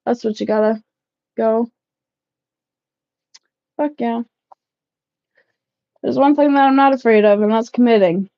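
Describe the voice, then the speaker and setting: Loud, laughing, swearing woman vlogger. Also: on the high side, a little slow, long pauses, no room sound, muffled recording. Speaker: livestream vlogger. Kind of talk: casual chat with live viewers. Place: shed, packing up.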